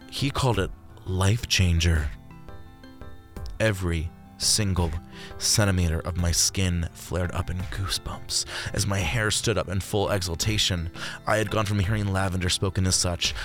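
A man reads a dark first-person story in a plain, unhurried way, cursing now and then. His voice sits on the low side. Faint music plays behind him.

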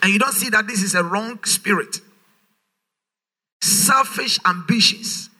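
Male pastor, sermon, high voice, piercing bright tone, emphatic sing-song questions. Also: a little slow.

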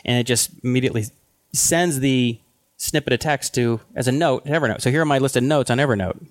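Man, podcast co-host, casual, halting restarts, mid pitch, dry recording. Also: no echo. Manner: thinks aloud with restarts and hedges. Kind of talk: casual tech chat.

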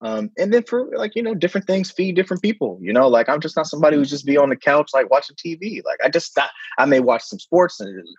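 A man's voice: on the high side, fast talker, few pauses, slightly rough, no echo, highs cut off. A man from San Francisco, a guest on an interview, talking casually and emphatically, tagging his points with "man" and "right?". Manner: animated, emphatic, drops in "man" and "right?" constantly. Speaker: guest, middle school principal.

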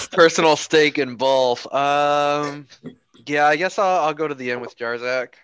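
A man's voice: on the high side, measured pace, a bit bright, smooth, dry recording. A man playing a tabletop game, hesitant and musing. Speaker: player.

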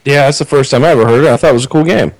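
A man's voice: mid-range voice, very fast, dry recording, rough recording. A man co-hosting a podcast, making plain, easygoing remarks in casual chat.

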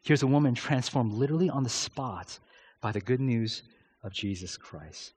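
A man preaching a sermon with passion, swinging between loud, pressing phrases and low, soft drops for emphasis, with frequent "uh" fillers. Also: animated, moderate pace, slightly rough. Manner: uses filler "uh" often. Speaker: pastor.

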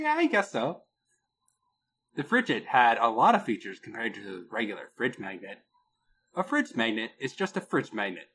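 A man co-hosting a casual podcast, telling a product story with a lot of pitch movement and laughing at his own jokes. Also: fairly bright tone. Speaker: podcast co-host.

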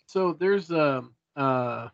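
A man's voice: on the high side, lively intonation, extremely slow, no echo. Podcast guy rambling, lots of uh and um, dull dry sound. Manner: rambling, many fillers and restarts. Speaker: podcast co-host. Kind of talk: casual chat.

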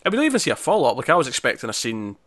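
A man's voice: medium pitch, wildly swooping pitch, rapid-fire, fairly bright tone, dry recording. A man, chatting casually as he recaps a TV episode, often acting out quotes. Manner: chatty, lots of fillers and acted-out quotes. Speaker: podcast co-host.

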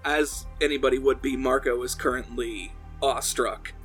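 A man's voice: medium pitch, steady tone, moderate pace, fairly bright tone, soft background music. A man playing a tabletop game, enthusiastically describing what his character does. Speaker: player. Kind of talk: narrating his character's actions.

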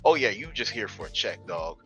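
A man co-hosting a casual wrestling podcast, talking in an animated, profane, joking way. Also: fairly low pitch, fairly quick, over music. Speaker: podcast co-host.

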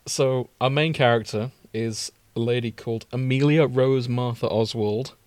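A man hosting a casual chat podcast, easygoing and quick to laugh while he sets up a reading. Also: medium pitch, fairly even intonation, darkish tone, dry recording. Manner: easygoing, giggly, organizing the reading. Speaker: podcast host.

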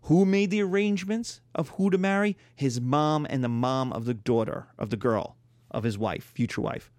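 A man lecturing to a history class, easily slipping into acted-out anecdotes with jumps in pitch and volume. His voice sits at a middle pitch and sounds close and dry, with no room echo. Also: moderate pace. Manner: animated storytelling, acts out quarrels in voices. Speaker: history teacher.

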